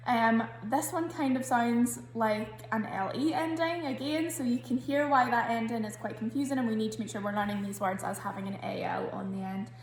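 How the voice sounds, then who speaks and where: Her pitch fairly high, a Scottish primary school teacher works through a spelling lesson for kids in an echoey room. She explains every word patiently and sounds each one out slowly and carefully.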